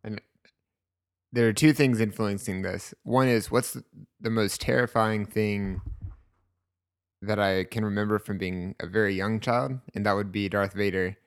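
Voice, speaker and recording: A thoughtful man co-hosts a casual book discussion. His voice is fairly low and sounds close and dry. He lays out his points in a measured way and checks in with his partner. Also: fairly even intonation, no echo. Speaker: podcast co-host.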